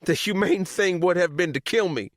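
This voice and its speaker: A man's voice: high voice, moderate pace, no room sound, studio quality, pitched above the performer's own voice, lightly acted. Man voicing a shrieking vengeful mother. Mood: screaming, vindictive. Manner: shrieking, bitter, trembling. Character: furious vengeful middle-aged mother, captive for decades. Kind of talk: audiobook character reading.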